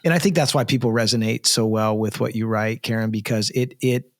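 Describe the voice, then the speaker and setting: A man's voice: fairly low pitch, steady tone, brisk. A man, a pastor, hosting an interview, affirming his guest with many restarts. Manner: warm affirming, frequent restarts. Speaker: pastor host. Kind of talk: conversational interview. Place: church studio.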